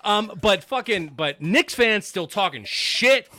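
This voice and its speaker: A man's voice: high voice, animated, takes it slowly, pushed and bright. A man ranting on a sports podcast, heated and mocking, swearing constantly. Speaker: podcast panelist. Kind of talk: profane postgame rant.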